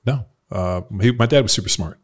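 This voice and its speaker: Deep-voiced laid-back male podcast host. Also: fairly quick, husky. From Southern California. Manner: laid-back, profane, rambling storyteller. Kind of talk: casual conversation.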